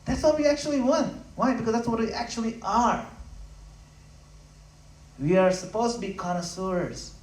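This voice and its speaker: Impassioned man preaching in a roomy space. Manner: impassioned, rising to loud emphatic peaks, then dropping low and intimate; conversational, acts out quick voices of listeners. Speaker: spiritual speaker. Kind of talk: devotional talk at a home program. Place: room in a home. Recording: roomy, from a distance.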